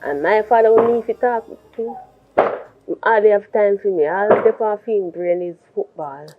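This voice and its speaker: A woman's voice: mid-range voice, normal speed, phone-quality sound, loud music behind the voice, natural voice. A woman playing a confused Jamaican daughter. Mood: lonely. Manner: reluctant, confused, speaks in patois. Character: troubled young woman, confused and withdrawn. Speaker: troubled daughter. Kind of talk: improvised family drama skit.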